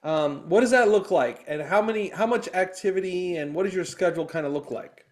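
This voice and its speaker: Man, slightly high voice, playful co-host on a relaxed call. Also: a little fast. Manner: playful, joking asides. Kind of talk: casual video-call chat.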